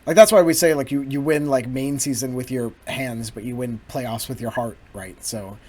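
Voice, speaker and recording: Husky-voiced man, halting casual talk. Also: medium pitch, a little mellow. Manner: halting, filler-heavy, many "like"s.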